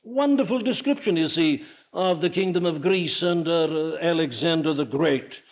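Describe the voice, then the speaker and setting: Older preacher, dull archival recording. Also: male voice, on the high side, fairly even intonation, moderate pace. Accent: Welsh. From Wales. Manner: emphatic, rhetorical questions, rising to forceful declarations. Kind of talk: sermon.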